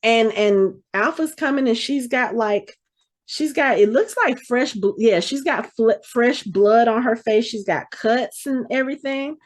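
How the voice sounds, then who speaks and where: A woman's voice: on the high side, unhurried. A woman hosting a podcast, animatedly retelling a TV episode and acting out the characters' lines. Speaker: podcast host. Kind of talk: casual episode recap.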